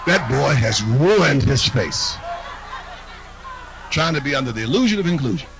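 A man's voice: mid-range voice, big pitch swings, normal speed, a bit bright, low-quality recording. A man performing a live stand-up routine, brash and mocking, with confiding asides to the crowd. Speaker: stand-up comedian. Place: comedy stage.

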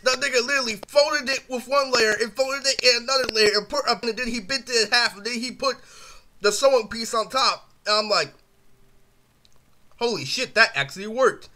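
A man's voice: very high voice, steady tone, fairly quick, bright, forceful tone. A young man telling a rambling, profane story in a casual vlog, full of fillers. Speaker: vlogger.

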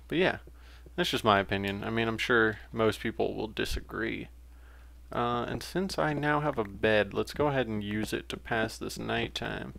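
A man's voice: on the low side, gravelly, a bit bright. A young man giving casual, rambling commentary while playing a game, with frequent fillers and self-corrections. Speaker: let's play gamer.

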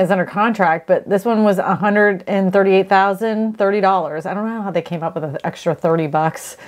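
A woman's voice: medium pitch, a little mellow. A woman real estate agent hosting a casual vlog, chatting enthusiastically as she browses and gushes over listings.

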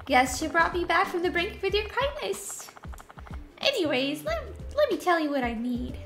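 A woman's voice: very high voice, sing-song, normal speed, fairly bright tone, faint music behind, pitched above the performer's own voice, exaggerated voice. A woman voicing a melodramatic older woman who begs for help in a folksy, theatrical way. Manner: folksy, theatrical, calls him sonny.

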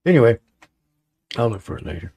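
A man's voice: medium pitch, sing-song, fairly quick, dark tone, slightly rough, dry recording. A man hosting a casual livestream show, rambling and joking with lots of fillers. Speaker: show host.

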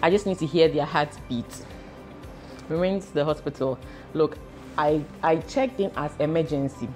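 Young woman vlogger, low-ish voice, chatty and emotional, slips into pidgin, faint music under her. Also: normal speed, darkish tone. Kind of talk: casual pregnancy update vlog.

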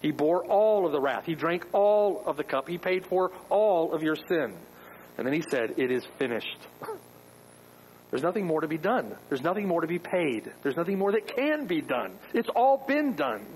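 A man's voice: on the high side, expressive, normal speed, slight background noise, poor audio. A man preaching a sermon as pastor, emphatic, with rhetorical questions.

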